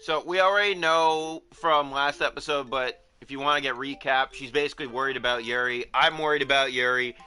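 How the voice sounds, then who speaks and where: A man's voice: medium pitch, fairly even intonation, fairly quick, few pauses, sharp tone, smooth. A man doing casual game commentary at home, swearing, laughing and chatting to his cat. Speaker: let's play gamer.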